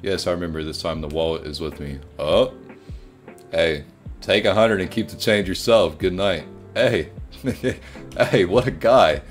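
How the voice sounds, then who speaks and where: A man's voice: low-pitched, a little slow, soft background music. A young man commenting casually and jokingly as he plays a horror game, chatting to his viewers. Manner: jokey, jumpy, voices the game characters. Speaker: gaming streamer.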